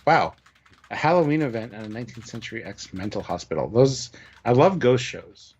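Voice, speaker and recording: A man in his fifties co-hosting a relaxed livestream. He talks in an animated, self-mocking way, his pitch leaping around, and he laughs easily. The audio is muffled and lo-fi. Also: normal speed, slight background noise. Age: 50s. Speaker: co-host. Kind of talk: casual livestream chat. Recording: dull lo-fi stream audio.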